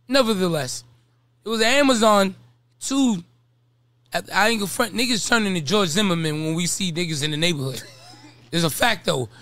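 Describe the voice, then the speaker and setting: A boastful Brooklyn man talks in a high, bright, forceful voice. His banter is loose and profane, and he drops rhymes. The sound is close and dry. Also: dry recording. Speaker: podcast host. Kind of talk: casual chat.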